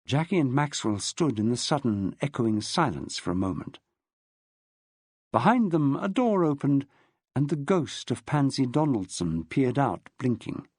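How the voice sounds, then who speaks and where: A man narrating a novel as an audiobook, with an expressive storyteller's lilt. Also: mid-range voice, unhurried, breathy edge, dry recording, clean studio sound.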